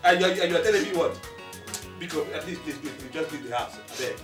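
A man's voice: on the high side, a little fast, echoey room, far from the mic, music in the background, lightly acted. A man with a Nigerian accent playing a frustrated, mocking boyfriend who blames his partner for his bad luck. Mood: bitter. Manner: scornful, mocking, pleading sarcastically. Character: bitter, frustrated man blaming his girlfriend. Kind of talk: Nollywood film acting.

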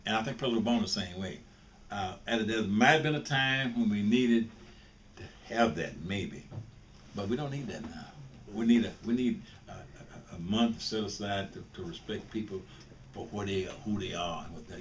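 The voice is lowish and moderately paced. He's an older man from Mississippi giving an informal, blunt talk to students as a guest speaker, often starting over and repeating himself, recorded from afar with faint noise behind him.

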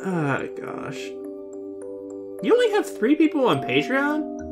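A man's voice: very high-pitched, huge pitch swings, slow, music in the background. A man hosting a casual video reaction, chatty and openly emotional, who exclaims and swears often. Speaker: reaction channel host.

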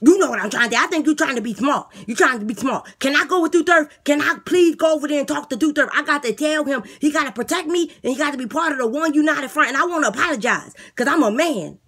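A woman voicing a delusional, boastful male inmate blogger who talks with a lisp, loud and defensive. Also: sits high, fast talker, few pauses, pitched above the performer's own voice. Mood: indignant. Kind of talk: comedy skit character voice.

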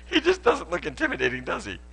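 Guy pastor clowning around mid-sermon, jumps all over in pitch, bright voice, laughs a lot. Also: gravelly, husky, rough recording. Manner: joking, chatty, laughs often, lots of restarts. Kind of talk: playful sermon with a live demonstration. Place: church auditorium.

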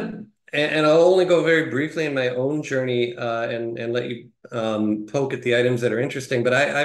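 A man speaking as an interview guest, earnest and hesitant, with many fillers. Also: medium pitch. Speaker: guest, tech executive. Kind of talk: casual interview conversation. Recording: roomy echo.

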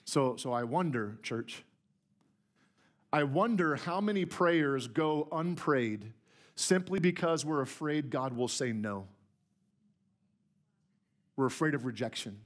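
In a church sanctuary, a male pastor delivers a conversational, emphatic sermon to his congregation, often repeating words as he begins a phrase. His voice sits at a medium pitch and is expressive, and he speaks slowly with long pauses.

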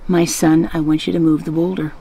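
A woman telling of a gentle fatherly God. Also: fairly high pitch, brisk, slightly rough, low-quality recording. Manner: calm, gentle, insistent. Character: patient, gentle fatherly God giving instructions.

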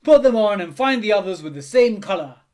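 Man doing a bossy storybook schoolteacher, loud, raised voice, animated. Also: sits high, brisk, voice pushed up. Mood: brisk. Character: brisk schoolteacher, a grown man.

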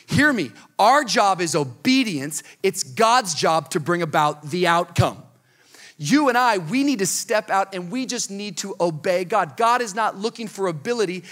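A man with a fairly high voice delivers a youth sermon as a story, quick with humor and building to emphatic calls for the crowd's response. His delivery is energetic and conversational. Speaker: youth preacher.

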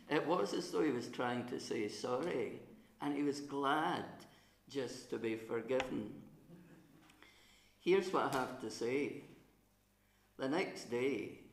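A middle-aged minister with a chesty, coughing voice, telling a story to children in a church service. He speaks at an ordinary pitch, gently and with pauses. The sound carries around a roomy church. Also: creaky, slight background noise.

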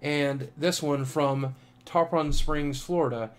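A man's voice: a little high, steady tone, a little hiss or hum. Tired man reading fan mail aloud. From United States. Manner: warm, thankful, chatty with filler pauses. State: tired, coming down with a cold. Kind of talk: casual vlog chat.

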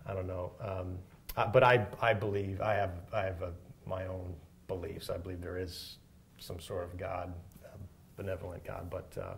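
Man, middle-aged, very low voice, hesitant, thoughtful, faint background noise. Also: flat delivery, normal speed, vocal fry. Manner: hesitant, thoughtful, many restarts. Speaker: rock guitarist guest. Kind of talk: casual interview answers.

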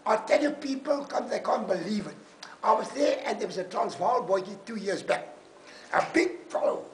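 A South African man in his sixties, a rugby supporter telling stories in a loud, booming, excitable way. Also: moderate pace, echoey room, a little hiss or hum. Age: 60s. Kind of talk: animated storytelling.

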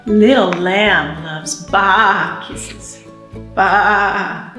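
A woman with a high, bright voice that rises and falls widely reads a picture book to babies and their grown-ups. She speaks slowly and in a sing-song way, like a children's librarian at storytime. The room around her has a noticeable echo. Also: very animated, soft background music. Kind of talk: baby storytime reading and singing.

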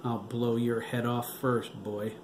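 A man's voice: mid-range voice, little pitch movement, slow pace, lightly acted. A man voicing an angry, defiant rogue agent who threatens everyone around him with a pistol. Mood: furious. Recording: roomy with background noise.

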